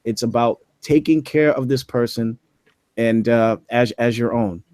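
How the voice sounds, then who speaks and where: A man co-hosting an apologetics chat. His voice sits at an ordinary pitch and sounds dry and close to the mic. He lays out his point patiently and drags out the key words. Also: a little mellow, dry recording. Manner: slows down to stress scripture words. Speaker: apologetics podcast co-host. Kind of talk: casual debate chat.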